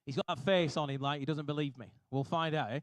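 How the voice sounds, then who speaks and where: Brisk auctioneer man calling bids. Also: on the high side, no echo. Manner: brisk, repetitive bid calling with jokey asides. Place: auction hall.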